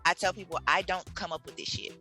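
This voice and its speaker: A woman's voice: fairly low pitch, steady tone, quick pace, bright, forceful tone, soft background music. A woman with a Southern US accent, a guest author telling stories in a casual chat, acting out voices and laughing often. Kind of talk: animated storytelling in casual chat.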